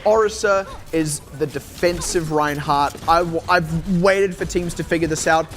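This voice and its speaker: Male esports caster, slightly higher voice, playful teasing banter, music playing behind. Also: fairly even intonation, unhurried, fairly bright tone. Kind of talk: live esports commentary.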